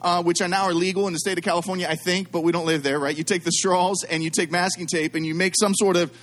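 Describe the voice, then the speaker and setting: A man's voice: high voice, fast talker, a little hiss or hum. A middle-aged man preaching to a congregation, telling a story full of asides and jokes aimed at the crowd. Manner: animated, self-deprecating, jokes with the audience. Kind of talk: storytelling sermon.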